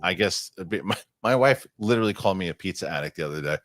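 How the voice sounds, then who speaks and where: A low-pitched man from the United States hosts a podcast with a swinging, animated delivery. He rambles excitably through chat and ad reads, and his middle-aged voice sounds close and dry. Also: rapid-fire, no echo. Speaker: podcast host. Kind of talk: casual chat and live ad reads.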